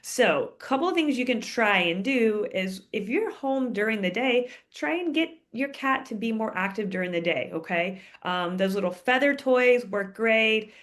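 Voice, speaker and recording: A woman's voice: medium pitch, a bit bright. Woman vet chatting thru pet questions, keeps saying okay?, friendly casual advice. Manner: chatty, often tags sentences with "okay?". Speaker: veterinarian answering viewer questions.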